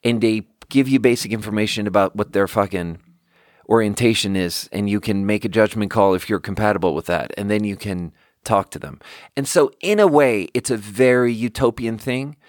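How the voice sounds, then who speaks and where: A man's voice: lowish voice, normal speed, darkish tone, no echo, studio quality. A young man hosting a podcast, telling stories in a rambling, profane, casual monologue with bursts of laughter. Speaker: podcast host.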